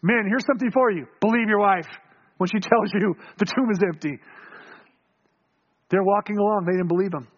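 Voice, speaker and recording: A male pastor preaching a sermon, telling the story with animated acting-out of voices and frequent chuckles. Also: high-pitched, moderate pace, pauses often, lo-fi sound.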